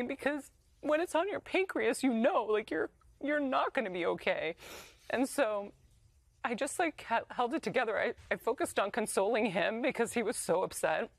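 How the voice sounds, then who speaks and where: A woman in her thirties, a guest telling her own story candidly, animated and emotional, acting out the lines of others. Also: a little high, normal speed, dry recording. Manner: emotional, animated retelling with quoted dialogue. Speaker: interview guest.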